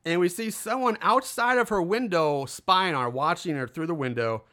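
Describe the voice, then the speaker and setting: A high, bright, forceful male voice at a moderate pace belongs to a podcast co-host recapping a film. He casually rambles with many fillers and performs the characters' lines.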